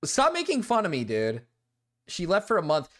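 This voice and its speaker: A young male streamer chats casually on a live broadcast and gets defensive, swinging between low mumbles and loud protests. His pitch swoops wildly, and he talks at a moderate pace.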